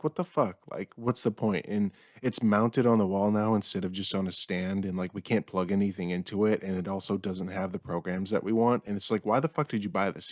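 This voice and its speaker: A man's voice: low voice, a little mellow, dry recording, clean studio sound. Irreverent young man hosting a podcast. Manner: irreverent, jokey, swears freely. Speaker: podcast host. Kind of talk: crude comedic podcast banter.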